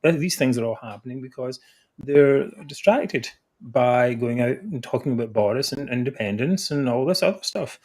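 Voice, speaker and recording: Brief: Scottish male podcast co-host, mid-pitched, emphatic and chatty, fillers and restarts. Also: animated, moderate pace, a little mellow. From Scotland. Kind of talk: casual political discussion.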